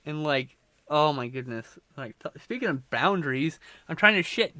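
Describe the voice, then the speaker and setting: A man's voice: a little high, normal speed, sharp tone, clean tone, no echo. A man hosting a livestream, telling a rambling, profane anecdote in casual chat, full of restarts and swearing. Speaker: livestream host.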